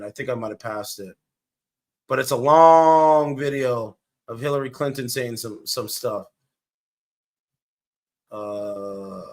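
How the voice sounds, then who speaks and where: A man's voice: mid-range voice, fairly bright tone. A man giving casual, blunt reaction commentary, rambling and swearing as he goes. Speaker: streamer commentator.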